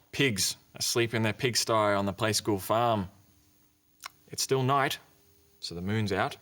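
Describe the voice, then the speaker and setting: A man presenting a children's TV show, gently telling a story with toys and playing with animal sounds. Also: lowish voice, measured pace, pauses often. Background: guitar music.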